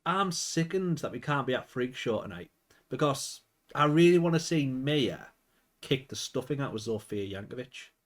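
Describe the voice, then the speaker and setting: A man reading the lines of a brash young woman wrestler in his own voice, with no accent, pitched somewhat higher. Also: lively intonation, normal speed, natural voice. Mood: challenging.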